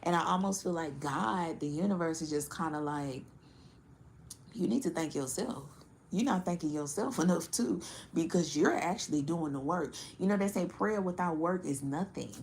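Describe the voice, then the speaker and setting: A woman giving a casual tarot reading to her audience, blunt and profane, animated and laughing often. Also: low-pitched, normal speed, creaky, a little hiss or hum. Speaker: tarot reader.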